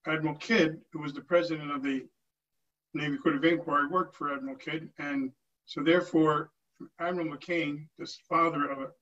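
An older man with a fairly high, rather bright voice speaks earnestly at a town hall meeting, often restarting his sentences. It's an informal address to the meeting, captured in a distant, muffled, lo-fi recording.

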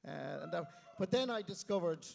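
A middle-aged Irish man from County Clare, a guest telling self-mocking stories in an animated way on a live stage. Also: sits high, normal speed, vocal fry, slight background noise. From Ireland, County Clare. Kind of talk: storytelling interview. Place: live stage before an audience. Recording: long reverb of a live venue.

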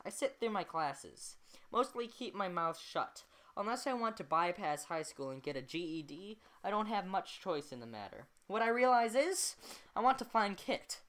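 A woman reading a novel aloud at home, chatty, stopping to comment on the text and laugh at her own slips. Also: fairly low pitch. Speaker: amateur reader.

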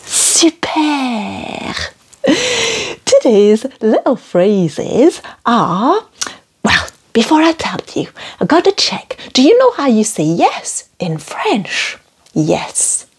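A woman with a Geordie accent, teaching French phrases to children in a slow, playful, exaggerated way. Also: big pitch swings, husky. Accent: Geordie English. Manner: playful, slow and exaggerated, with big swoops in pitch. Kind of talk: children's language lesson.

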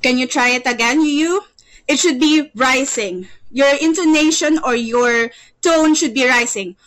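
A woman's voice: sits high, a little slow, a bit bright, rough recording. A woman teaching an online English lesson, patient, repeating words and stammering "you, you" as she leads drills.

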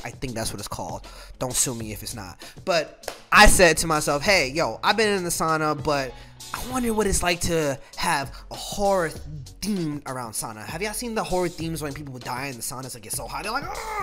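Male gaming YouTuber, lively pitch swings, slangy banter, game music underneath. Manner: animated, slangy, quick to laugh. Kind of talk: casual let's-play commentary. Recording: game music playing behind the voice.

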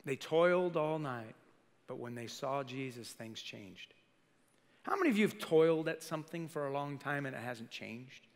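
A male senior pastor preaching a lively sermon to a congregation, acting out quoted voices and putting questions to the crowd. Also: medium pitch, normal speed. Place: church sanctuary. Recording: live sermon in a reverberant church hall.

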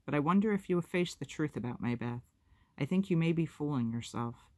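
A woman reading aloud who voices a calm, firm older nun in a measured, doubting way. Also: sits low, no echo.

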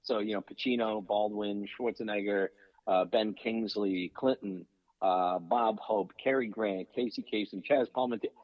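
A husky-voiced man speaks over a dull, muffled phone line, and the sound is dry. He is a voice actor who tells stories in an animated way and often slides into other voices along the way. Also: lowish voice, normal speed, no echo. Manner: animated, slips in and out of impressions. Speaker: guest voice actor and impressionist. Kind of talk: casual storytelling on a radio call-in.

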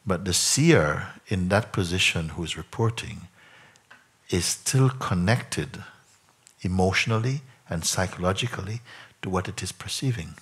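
A man as a spiritual teacher in a satsang, probing a questioner by repeating questions back in slow, reflective phrases. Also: deep voice, animated, fairly bright tone, breathy edge. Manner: slow, reflective phrasing with frequent "you know" and "no?". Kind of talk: satsang talk answering a questioner.

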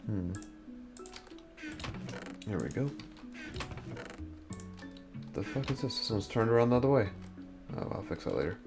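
A man's voice: lowish voice, sing-song, unhurried, pauses often, over loud music. A young man giving casual gameplay commentary, muttering to himself as he sorts items and explores, sounding sleepy and yawning. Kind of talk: casual let's-play commentary.

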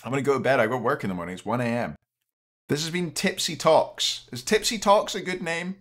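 A man's voice: medium pitch, a little fast, a bit bright. Rambling tipsy young man streaming. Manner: rambling, trails off, frequent restarts. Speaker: streamer and caster. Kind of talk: late-night casual stream chat.

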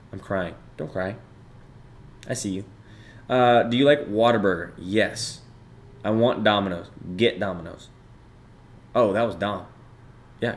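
Casual young man streamer, low voice. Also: slight background noise. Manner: loose, profane, chatty banter with viewers. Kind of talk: casual livestream chat reading out chat.

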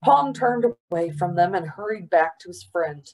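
A woman storyteller reading a novel aloud for a library program, unhurried and expressive. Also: on the low side.

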